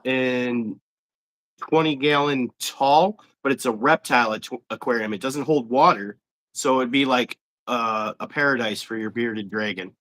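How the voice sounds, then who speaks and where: A man hosting a casual live-stream fishing interview, excitable and quick to laugh. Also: medium pitch, rough recording. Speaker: host.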